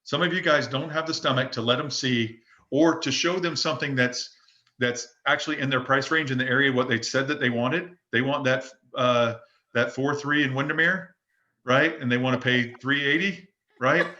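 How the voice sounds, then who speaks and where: A man's voice: medium pitch, normal speed, sharp tone, muffled recording. A man coaching real estate agents in a casual open forum. He speaks emphatically, repeats himself and often restarts his sentences. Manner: emphatic, repetitive, frequent restarts. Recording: roomy echo.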